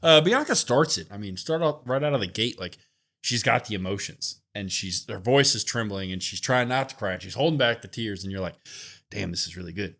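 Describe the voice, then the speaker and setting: A man's voice: fairly low pitch, brisk. Laid-back man talking wrestling. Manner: relaxed, thinking aloud with fillers. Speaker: wrestling podcast co-host. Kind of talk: casual recap chat.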